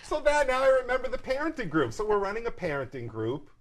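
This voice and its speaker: A middle-aged man telling family stories in a casual chat, animated, jumping into voices for other people. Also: high-pitched, fast. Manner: animated, jumps into voices for characters. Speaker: storyteller in a family conversation. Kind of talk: casual storytelling.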